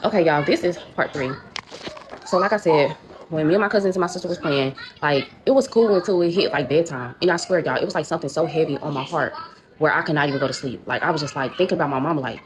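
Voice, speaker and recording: A woman's voice: low-pitched, very fast, background noise. Young woman telling a storytime. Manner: chatty, addresses viewers as y'all, many likes. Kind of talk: casual storytime.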